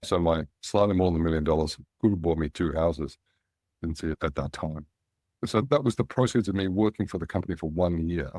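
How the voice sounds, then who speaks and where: A middle-aged Australian man, a guest in an interview, telling relaxed anecdotes and animating the voices of people he quotes. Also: low voice, brisk, dry recording, clean studio sound. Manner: anecdotal, animated when quoting others. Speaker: guest, angel investor.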